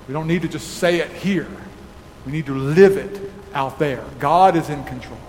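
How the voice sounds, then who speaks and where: A man pastor giving a sermon in a church, preaching slowly and emphatically and closing in prayer. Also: on the high side, a little mellow. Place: church sanctuary. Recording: echoey hall with faint noise.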